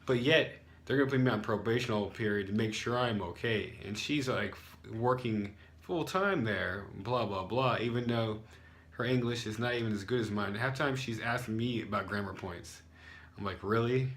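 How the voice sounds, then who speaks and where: A man's voice: fairly low pitch, normal speed, fairly bright tone. A young American man, an English teacher, telling a story casually with lots of fillers and sarcastic asides. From United States.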